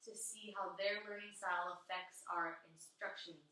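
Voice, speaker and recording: A woman's voice: lowish voice, fairly even intonation, moderate pace, bright, forceful tone. A young woman student teacher thinking aloud in a casual group discussion, with hesitant fillers. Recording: very echoey room, far from the mic.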